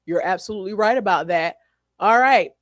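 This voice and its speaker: A woman's voice: medium pitch, a little fast, dry recording, studio quality. A woman hosting a podcast in a live, casual chat, reading out listener comments and speaking to people by name. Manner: animated, chatty, repeats herself, talks to listeners by name. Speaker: podcast host.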